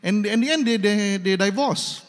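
A man's voice: sits high, normal speed. A male pastor with a Malaysian English accent preaching a sermon in an emphatic, repetitive, humorous way. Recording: long hall reverb.

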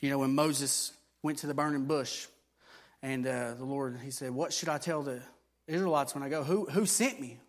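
A man's voice: mid-range voice, moderate pace. A man preaching a sermon, explaining things in a conversational teaching way with fillers and restarts, then building to emphatic repeated declarations.

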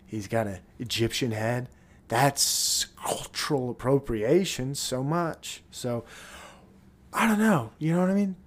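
A man hosting his own show in a rambling, profane, blunt casual monologue. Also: medium pitch. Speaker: podcast host.

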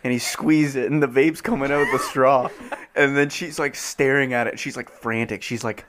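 A man's voice: mid-range voice, steady tone, moderate pace, noisy background. A young man co-hosting a podcast, telling funny stories in casual chat and laughing often. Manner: laughing storyteller, says dude a lot. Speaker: podcast co-host.

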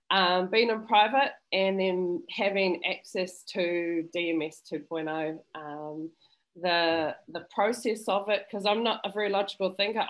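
A woman speaks over a video call. She sounds effusive and openly emotional, pouring out gratitude in a heartfelt testimonial at a medium pitch for a woman. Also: rough recording. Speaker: student interviewee.

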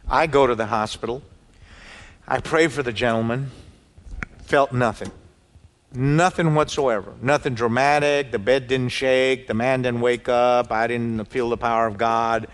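A man preaching a sermon, telling stories with lively quoted dialogue. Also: mid-range voice, normal speed. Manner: animated storytelling, quoting people in dialogue. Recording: reverberant hall.

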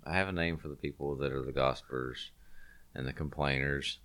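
A man with an extremely deep, smooth, resonant voice talks in a loose, rambling way, often circling back to restart a thought. He sounds congested. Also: steady tone, brisk, a bit bright. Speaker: podcast co-host. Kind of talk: casual chat.

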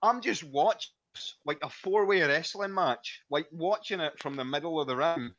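A man's voice: fairly high pitch, normal speed, a bit bright, dry recording, lo-fi sound. Rambling man telling stories. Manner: rambling storyteller, chuckles often. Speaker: podcast co-host. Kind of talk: casual chat.

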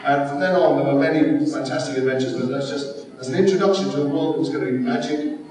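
A man's voice: on the high side, fast talker, music in the background. A middle-aged man, a convention panel guest, tells stories animatedly, full of asides, and acts out the lines he quotes. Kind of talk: anecdotal storytelling. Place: large convention hall. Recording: echoey hall, from far off, crowd noise. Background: audience crowd.

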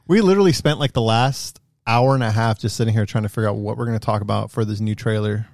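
A man's voice: lowish voice, quick pace, gravelly, a little mellow, no room sound, studio quality. A man co-hosting a podcast, teasing and rambling in slangy, casual chat. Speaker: podcast co-host.

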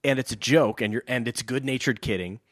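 A man co-hosting a casual podcast, reading a book aloud and joking about it in a wry, animated way. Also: mid-range voice, fairly quick, no echo, clean studio sound. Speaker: podcast co-host.

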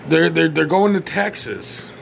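A man's voice: a little high, sing-song, a little slow, creaky, a bit bright, a little hiss or hum. A blunt, profane man ranting on his podcast, often stammering and restarting. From United States. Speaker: podcast host. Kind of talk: opinionated podcast rant.

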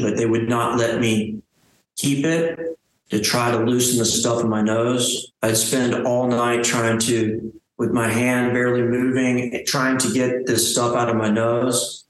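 A man telling his survival story as an interview guest, halting and restarting his phrases. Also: mid-range voice, level tone. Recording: very echoey room.

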